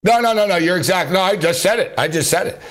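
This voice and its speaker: A man's voice: high voice, fast, fairly bright tone. A man hosting a late-night sports talk radio show, ranting angrily and sarcastically.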